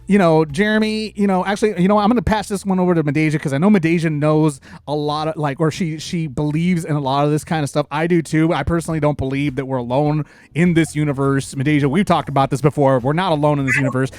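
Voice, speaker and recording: A man hosting a casual news chat, rambling and excitable, with many restarts. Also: on the high side, quick pace, few pauses, dry recording, clean studio sound. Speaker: podcast host.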